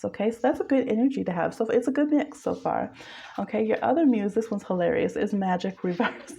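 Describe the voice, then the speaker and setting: A woman giving a casual spoken tarot reading, chatty and quick, who laughs often. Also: medium pitch, gravelly, dark tone, husky. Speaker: tarot reader.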